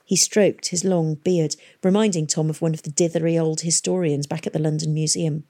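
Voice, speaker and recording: A woman reading an audiobook with an even storytelling delivery. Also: deep voice, a little fast. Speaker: audiobook reader. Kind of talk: scripted narration.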